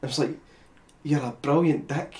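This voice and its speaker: Scottish man, podcast host, slightly high voice, eager, stumbling, laughs often. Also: measured pace, a little mellow. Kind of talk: casual podcast chat.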